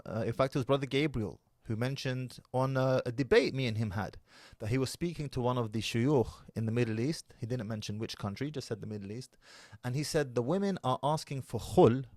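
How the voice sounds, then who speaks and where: A man's voice: mid-range voice, darkish tone, no room sound. Guy in his 30s ranting emphatically on a reaction vid, dry close sound. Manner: emphatic, preachy. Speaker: reaction video host. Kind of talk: casual commentary.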